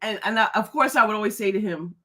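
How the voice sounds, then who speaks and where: A woman's voice: mid-range voice, fast talker, fairly bright tone. A middle-aged woman hosting a casual live stream, chatty and laughing often as she greets viewers by name. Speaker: host.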